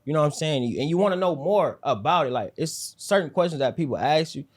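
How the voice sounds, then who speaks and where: Man, rapper guest, low mellow voice, near-whisper, laid-back, slangy casual talk. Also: expressive, quick pace. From South Central Los Angeles. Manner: loose slang-heavy talk with frequent fillers. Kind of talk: casual interview chat.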